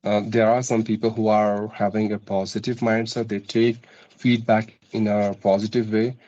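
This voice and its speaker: Brief: Indian English male teacher, low mellow voice, patient questioning, dull lo-fi call audio. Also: level tone, normal speed. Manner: patient, questioning, hesitant fillers. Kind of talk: conversation practice interview.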